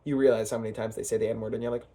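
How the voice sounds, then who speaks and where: Racing along in a dark-toned, mid-range voice with little pitch movement, a young channel host offers casual vlog commentary from home. He rambles hesitantly, full of fillers and restarts.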